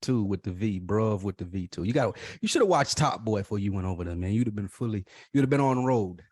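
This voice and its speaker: A man co-hosting a podcast, teasing his partner in animated, profane casual banter. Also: lowish voice, quick pace, husky, no room sound. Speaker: podcast co-host.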